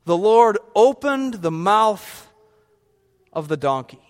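Very high-voiced pastor in reverberant church. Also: male voice, sing-song, takes it slowly. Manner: conversational, quizzes the congregation, humorous asides. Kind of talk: sermon.

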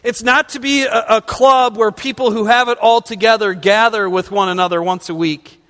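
A man's voice: high-pitched, steady tone, moderate pace, pushed and bright. A man pastor delivering a conversational sermon, asking his congregation rhetorical questions as he goes. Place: church sanctuary. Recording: long reverb of a large hall.

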